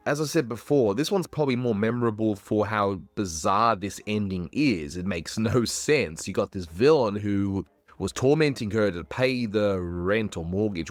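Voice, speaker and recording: A man's voice: fairly low pitch, animated, moderate pace, no echo. A man hosting a review show, wrapping up with wry, matter-of-fact comments. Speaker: host.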